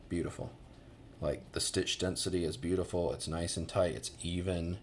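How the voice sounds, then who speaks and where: A man's voice: low-pitched, steady tone, normal speed, slight background noise. An American man giving a casual boot review, rambling with many fillers and restarts.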